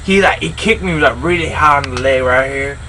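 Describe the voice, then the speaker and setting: A man's voice: medium pitch, a little fast, sharp tone, slight background noise, poor audio. An amateur actor playing a fed-up male neighbor who tells his story in a rambling, exasperated way.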